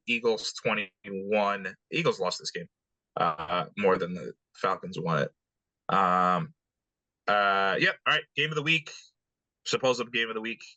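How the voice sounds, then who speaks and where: A man co-hosting a casual sports podcast, recapping scores in a relaxed way with lots of ums, uhs and swearing. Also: on the low side, no echo, low-quality recording. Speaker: podcast co-host recapping games.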